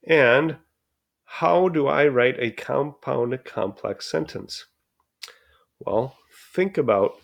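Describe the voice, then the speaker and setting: Male teacher for a grammar lesson video; slow, patient, pausing often, with a gravelly edge. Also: medium pitch. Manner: slow, patient explaining with frequent pauses.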